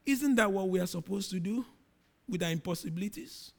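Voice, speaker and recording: A middle-aged man preaches a sermon in a high voice. His pitch swings widely as he reads scripture with dramatic emphasis, rising loud and then falling quiet. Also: lively intonation, a little fast, creaky.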